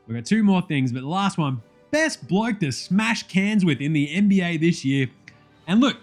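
Foul-mouthed Australian man ranting about sport. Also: on the high side. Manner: profane, blunt, jokey banter. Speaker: sports vlogger. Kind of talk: casual sports commentary rant.

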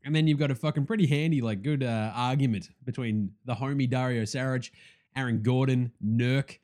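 A young man hosting a casual sports podcast, excitable and profane, joking and swinging between loud outbursts and quieter asides. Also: mid-range voice, a little fast. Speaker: podcast host.

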